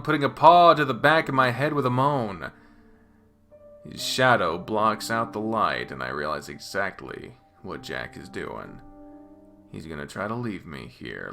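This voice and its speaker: A man giving a dramatic first-person reading of a visual novel, expressive and profane, moving between hushed and loud. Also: medium pitch. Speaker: reader voicing a visual novel.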